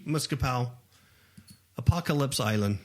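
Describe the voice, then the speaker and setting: A man's voice: medium pitch, expressive, unhurried. A man co-hosting a talk radio show, ranting animatedly with frequent laughs. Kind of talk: opinionated talk radio chat.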